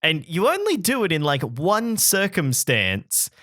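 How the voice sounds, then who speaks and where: A man with a soft Australian accent co-hosting a theme park podcast, playful and teasing in casual chat. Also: on the high side, wildly swooping pitch, a little slow. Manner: playful, teasing, laughs easily. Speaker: podcast co-host.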